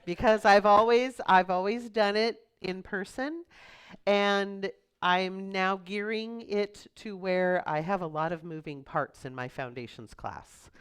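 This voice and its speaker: Middle-aged lady minister, smooth clear voice, easygoing sermon with little jokes. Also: mid-range voice. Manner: chatty, storytelling, quick asides. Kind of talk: conversational sermon.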